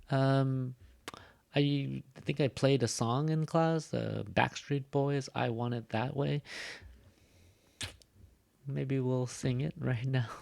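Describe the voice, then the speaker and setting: Male ESL teacher, lowish voice, loose fast delivery, repeats drill sentences. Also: gravelly, a little mellow. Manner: casual, fast-talking, drills example sentences with stress. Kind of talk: recorded online lesson.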